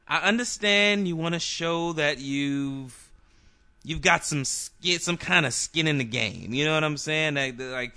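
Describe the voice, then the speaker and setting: A man holding forth on a podcast, swinging his voice up and down with loose, profane energy. His tone is bright and forceful, and the recording is dry and close. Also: medium pitch, no room sound. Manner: animated, profane, rambling with restarts. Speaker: podcast co-host. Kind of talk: casual chat.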